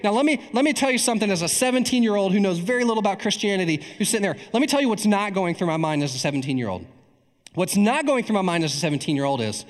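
A male preacher tells a story from the pulpit. He is animated, in a fairly high voice, and keeps checking in with "right?" His voice rings with a long reverb through a large church hall. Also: fast. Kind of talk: storytelling sermon.

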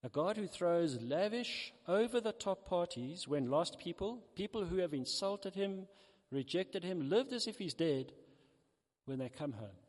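High-voiced preacher in a reverberant hall. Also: male voice, unhurried. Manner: animated storytelling, acts out the characters. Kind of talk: sermon.

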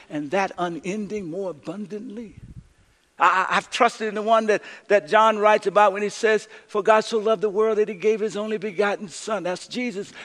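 A man preaching a sermon as pastor, swinging from loud, urgent lines to hushed, slow ones. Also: sits high, in a large hall.

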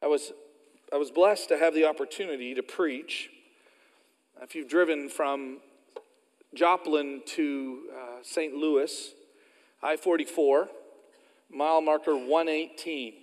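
Folksy Oklahoma pastor in a reverberant sanctuary. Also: male voice, a little high, steady tone, slow pace, pauses often. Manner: folksy storytelling, self-deprecating asides. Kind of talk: sermon.

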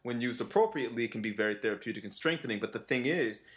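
A man co-hosting a relaxed conversation, talking with lots of animation and frequent laughter. He drops into brief mimicry of other voices as he tells stories. His delivery is loose and expressive. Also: medium pitch, rapid-fire. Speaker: podcast co-host and vocal coach. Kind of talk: casual chat.

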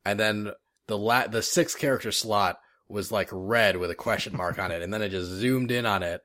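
A man's voice: lowish voice, moderate pace, sharp tone, no echo, studio quality. A man co-hosting a gaming podcast in casual chat, enthusiastic, with many fillers and frequent laughs. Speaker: podcast co-host.

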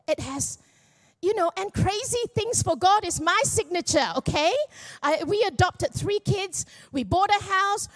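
A middle-aged woman pastor with a somewhat high voice shares a personal testimony from the church stage. She speaks candidly and pokes fun at herself, slipping jokes into a heartfelt sermon. Her tone stays conversational and unpolished. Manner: candid, self-deprecating and joking. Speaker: young adults pastor.

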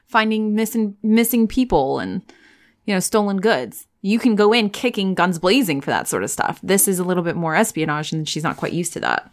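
A woman playing a tabletop game, chatting casually and thinking out loud with a wry edge. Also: mid-range voice, animated, brisk.

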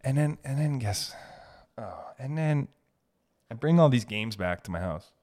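A man at an average pitch hosting his own podcast alone. He tells stories in a loose, animated way, swearing freely. His laughs come in between the lines. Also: measured pace. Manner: animated and profane, laughs as he talks. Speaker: podcast host. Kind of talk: solo storytelling podcast.

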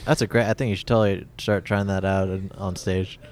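A man in casual chat, an encouraging listener giving quick short reactions. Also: deep voice, steady tone, a little mellow, a little hiss or hum.

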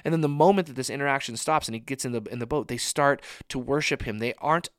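A man's voice: mid-range voice, fast talker, clear, resonant tone, dry recording, clean studio sound. A young adult man giving a casual sermon to a young adult ministry, talking conversationally with many "like" fillers.

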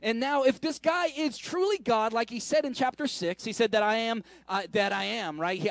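A man preaching a sermon in a casual, conversational way, with many asides, restarts and quick questions to the congregation. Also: extremely high pitch, no room sound. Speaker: pastor.

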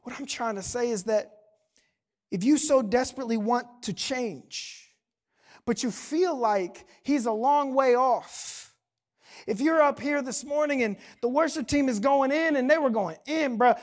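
A young adult pastor preaching a sermon in a church service, talking casually and then building to impassioned shouting. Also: sits high, moderate pace.

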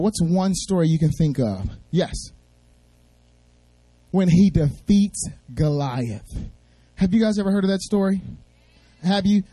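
A man speaking as a guest at a church service, telling a Bible story in a fast, playful way and drawing responses from the audience. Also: sits high, mellow, no room sound.

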